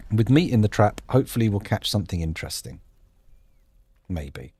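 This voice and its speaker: A man's voice: on the low side, very animated, moderate pace, long pauses, a little mellow, breathy edge, dry recording. A man hosting a gameplay video, thinking aloud in a jokey, self-deprecating ramble. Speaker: gameplay host. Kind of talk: rambling let's-play commentary.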